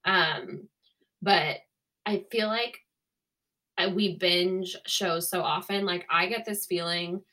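A woman co-hosting a casual podcast, spinning a rambling, chatty story. Her voice sits a little low but rings bright and clear. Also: slow pace. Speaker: podcast co-host. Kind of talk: casual chat.

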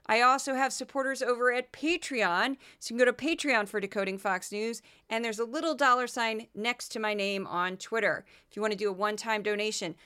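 A woman from the Midwest hosts her own commentary podcast. She mocks and ribs her targets in a sarcastic running commentary. Her voice sits a bit high and comes across bright and crisply clear. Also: fairly even intonation, brisk, few pauses. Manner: sarcastic, mocking. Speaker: podcast host.

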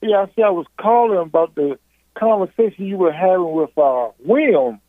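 A man's voice: high-pitched, expressive, a little fast, no room sound. A man from Virginia with a Southern accent, calling in and arguing insistently over the phone line. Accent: Southern American. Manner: insistent, repeats himself to hold the floor. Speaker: caller. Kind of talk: heated phone call.

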